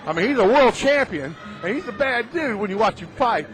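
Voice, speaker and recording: A man's voice: high voice, lively intonation, fast, few pauses. A man hosting interviews at a martial arts tournament, full of enthusiastic praise. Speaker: host and interviewer. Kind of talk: event interview and commentary.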